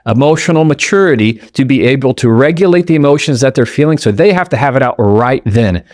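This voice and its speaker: A man's voice: mid-range voice, expressive, darkish tone, no room sound, clean studio sound. Emphatic man hosting a motivational podcast. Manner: emphatic, speaks straight to the listener with rhetorical questions; acts out quoted people in quick asides. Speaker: podcast host.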